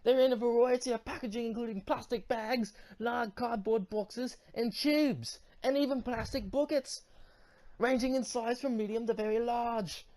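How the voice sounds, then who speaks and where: A woman putting on a deliberately bad mock British accent, reading facts in a stiff, overdone way. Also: on the high side, steady tone, mellow, natural voice. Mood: mock-formal.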